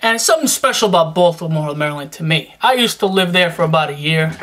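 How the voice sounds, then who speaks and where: A man's voice: fairly high pitch, lively intonation, fast talker, bright, forceful tone. Young New man, rambling and slangy, casual vlogger tone. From New York. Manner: rambling and slangy, full of fillers and restarts. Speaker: reptile-keeping YouTuber giving shout-outs. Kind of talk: casual vlog chat.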